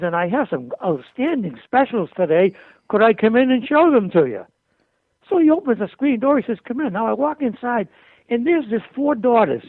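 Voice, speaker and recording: A man's voice: sits high, no room sound. Older man telling stories, tinny line. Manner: colorful, animated anecdotes with quoted dialogue. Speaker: interview guest. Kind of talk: storytelling in a conversation. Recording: dry, tinny phone-like audio.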